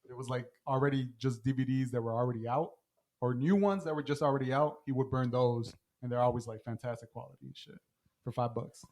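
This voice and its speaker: Male podcast co-host, mid-pitched, jokey banter, laughs a lot. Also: fast talker, a little mellow. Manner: joking, laughs often. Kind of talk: casual chat.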